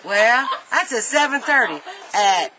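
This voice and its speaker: A woman's voice: a little high, lively intonation, a little slow, noisy background. A middle-aged woman telling a family story casually, laughing often.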